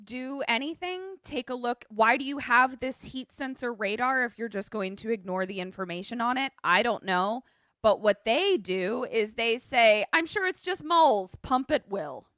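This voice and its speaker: A woman co-hosting a podcast in casual chat, retelling a film as an animated, joking storyteller who swears freely, on a remote call. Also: a little high, normal speed, dry recording, clean studio sound. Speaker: podcast co-host. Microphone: remote call setup.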